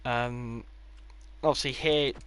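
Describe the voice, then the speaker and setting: A man's voice: medium pitch, fairly even intonation, slow, fairly bright tone, clear, resonant tone. A man giving a casual, rambling tour of his game builds, with offhand delivery and dry sarcastic asides. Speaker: gaming creator.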